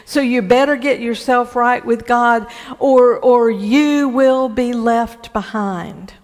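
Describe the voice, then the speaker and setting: A woman pastor preaching a sermon in a church, speaking deliberately and often repeating words as she gathers her thoughts. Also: on the high side, darkish tone, in a large hall.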